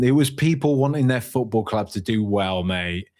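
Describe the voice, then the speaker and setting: A man's voice: on the low side, lively intonation, normal speed, few pauses, a little mellow. A man around forty hosting a solo fan podcast on a studio microphone, reading live chat and reacting in an emotional, rambling way with lots of restarts. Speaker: podcast host.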